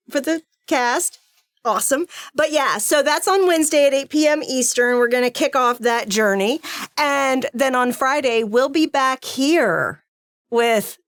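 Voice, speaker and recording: Blunt high-voiced female co-host. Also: dry recording, studio quality. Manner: blunt, swears freely. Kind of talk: casual stream outro chat.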